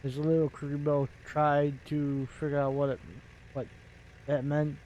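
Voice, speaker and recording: Slow, rambling man gaming. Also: on the high side, monotone, mellow, a little hiss or hum. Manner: rambling, many fillers and restarts. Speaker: gaming video creator. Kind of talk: casual commentary while playing a game.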